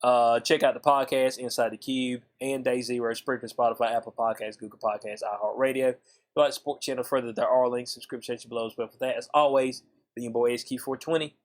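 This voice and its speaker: Give me a man doing an animated, slangy commentary vlog, with a mid-range voice that swings high and low. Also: fast. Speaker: YouTube commentator.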